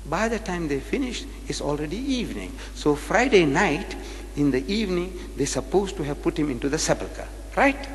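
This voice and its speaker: A man's voice: a little high, big pitch swings, normal speed, slight background noise. A man from Africa, giving a religious debate lecture, dramatic and rhetorical, firing questions at the audience and acting out debates. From South Africa. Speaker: public lecturer. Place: large lecture hall. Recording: live hall recording with long reverb.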